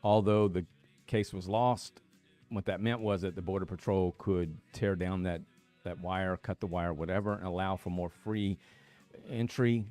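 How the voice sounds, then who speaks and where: A man's voice: sits low, fairly even intonation, a little slow, darkish tone, soft background music. A middle-aged man, hosting a casual newspaper live stream, talking loosely with many fillers and restarts.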